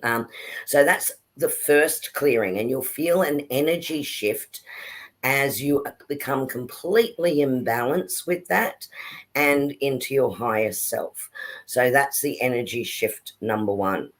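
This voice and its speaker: Slow, explanatory woman on a video call. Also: extremely low pitch. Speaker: spiritual workshop co-host. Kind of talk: explaining a spiritual technique. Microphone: video call with dropouts.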